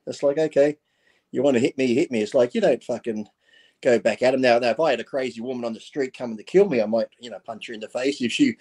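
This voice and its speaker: A man's voice: medium pitch, fast, darkish tone, breathy edge. Blunt, profane man telling stories. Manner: blunt, profane storytelling, acting out quotes. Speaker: guest. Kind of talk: casual chat on a live stream.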